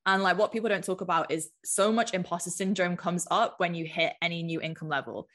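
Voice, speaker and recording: A woman's voice: on the low side, a little fast, a bit bright. A woman from the United Kingdom, a business mentor chatting casually as a podcast guest, filling her talk with "like". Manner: chatty, lots of filler "like".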